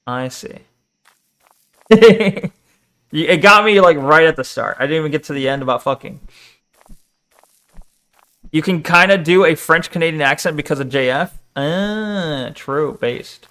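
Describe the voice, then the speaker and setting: A man with a slightly high voice, chatting loosely as he plays through a game on stream. He jokes, swears casually and answers chat in a relaxed, offhand way. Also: measured pace, long pauses, smooth. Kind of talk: casual live game commentary.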